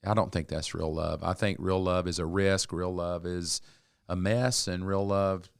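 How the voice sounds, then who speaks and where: A man's voice: low voice, unhurried, creaky, smooth, no room sound, studio quality. A man, co-hosting a podcast and telling a story, acting out the lines of the people in it. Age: 60s. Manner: animated storyteller, acts out quotes. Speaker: podcast co-host. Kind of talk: casual storytelling chat.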